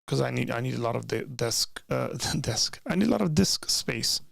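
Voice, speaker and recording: Casual young man with a gravelly voice. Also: mid-range voice, expressive, normal speed, dry recording, studio quality. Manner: rambling, many restarts and asides. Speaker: streamer reading chat. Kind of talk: casual live-stream chat. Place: home room with bookshelves. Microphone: desk microphone, leans in close.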